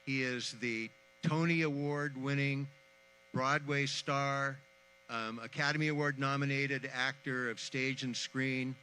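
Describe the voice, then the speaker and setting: A man introducing a ceremony outdoors, earnest and a little halting, with fillers between phrases. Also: mid-range voice, fairly even intonation, bright, forceful tone, slight background noise, low-quality recording. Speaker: event organizer introducing the host. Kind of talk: public announcement at a memorial ceremony. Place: outdoor community event.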